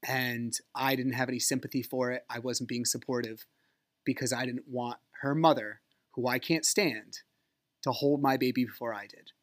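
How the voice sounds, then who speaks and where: Male podcast host, mid-pitched voice, candid personal monologue with an aggrieved edge. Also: steady tone, moderate pace.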